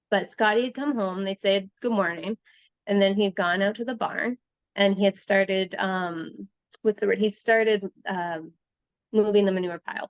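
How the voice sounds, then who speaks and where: A woman's voice: medium pitch, no room sound. Canadian woman telling a true crime story, acts out the quotes, dull dry sound. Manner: animated retelling, acts out quoted lines. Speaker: researcher and writer guest.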